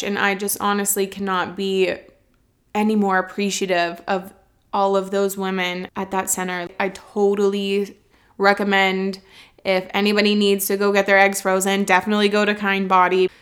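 A woman's voice: medium pitch, little pitch movement, normal speed. Young woman in her 20s just talking it out, swears a ton, super blunt, gets a bit teary. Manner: emotional, fighting back tears at times. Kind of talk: candid personal storytelling.

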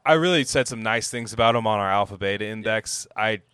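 A man chatting on a podcast, crude and jokey, tripping over his words and starting over a lot. His voice is bright and forward, and the close mic is dry with no room sound. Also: on the low side, brisk, clear, resonant tone, dry recording. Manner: crude, joking, stammers and restarts often. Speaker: podcast co-host. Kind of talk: casual podcast banter.

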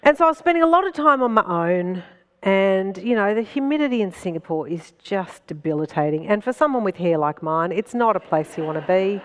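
A woman's voice: mid-range voice, smooth, long reverb tail. A middle-aged woman telling self-mocking comic stories at a festival talk, often laughing through her lines. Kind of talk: comic storytelling to a live audience. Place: festival stage before an audience.

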